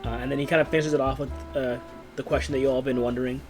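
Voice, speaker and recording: A man narrating as game master of a tabletop game in a relaxed, hesitant way. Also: mid-range voice, very fast. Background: guitar music.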